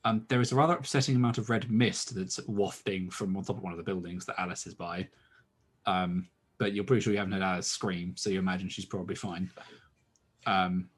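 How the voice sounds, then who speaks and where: A man's voice: low voice, steady tone, brisk, breathy edge. A young man with dry, teasing humor, narrating as dungeon master of a tabletop game.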